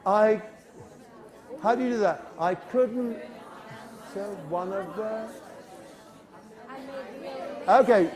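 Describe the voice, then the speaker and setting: A British man leading an English-teaching workshop in a university hall, animated and self-correcting as he drills a large audience with quick asides. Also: high-pitched, some chatter behind.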